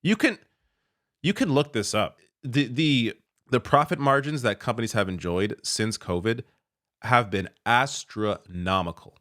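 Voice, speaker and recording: A man's voice: medium pitch, expressive, measured pace, fairly bright tone. A man commenting on news clips, sarcastic and exasperated, often laughing in disbelief. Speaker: political commentator.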